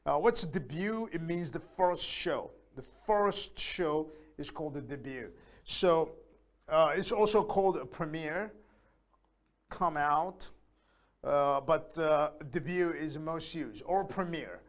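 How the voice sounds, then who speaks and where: Man, English teacher, slow deliberate delivery, somewhat high voice, repeats phrases, pauses with "uh". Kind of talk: live online English lesson.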